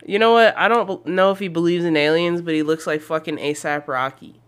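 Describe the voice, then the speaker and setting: A young man co-hosting a podcast in casual chat, animated and laughing often, swearing freely and calling his co-host "dude". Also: a little high, brisk, clear, resonant tone.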